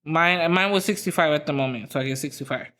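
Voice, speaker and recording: A woman's voice: deep voice, fast talker, a bit bright. Profane, rambling woman telling a story. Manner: profane, rambling, lots of "like" fillers. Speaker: podcast host. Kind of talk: casual storytelling.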